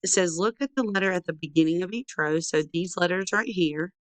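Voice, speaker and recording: A woman teaching a young children's phonics lesson, sounding out letters slowly and repeating handwriting chants. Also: lowish voice, no echo. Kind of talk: early-years phonics lesson.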